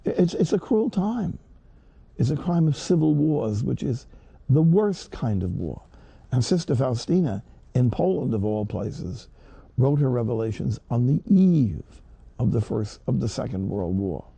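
Gravelly, dark-voiced man preaching. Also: mid-range voice, sing-song, a little slow, no room sound. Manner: earnest, emphatic, swells to stress words. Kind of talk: sermon.

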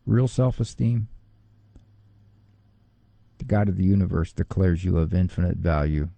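A middle-aged man, a psychologist, giving a lively talk and often mimicking other people in a higher voice. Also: vocal fry, no room sound. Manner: animated, quick to mimic others in a high voice. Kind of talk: talk on parenting and faith.

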